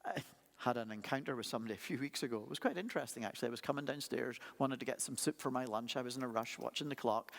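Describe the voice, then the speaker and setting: A pastor preaching a sermon, telling stories in a conversational way with playful asides. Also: male voice, medium pitch, a bit bright. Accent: non-local accent. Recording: long hall reverb.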